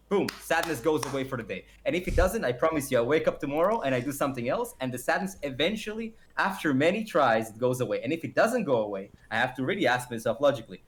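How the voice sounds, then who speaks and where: A man on a podcast argues his point emphatically in a casual debate, speaking at a quick, medium-pitched pace with hardly any pauses. He's animated and acts out little quoted exchanges as he goes.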